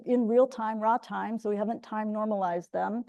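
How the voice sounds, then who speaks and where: A woman's voice: medium pitch, steady tone, normal speed, gravelly, mellow. A middle-aged woman giving an academic linguistics talk, explaining step by step with frequent restarts. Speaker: linguistics lecturer.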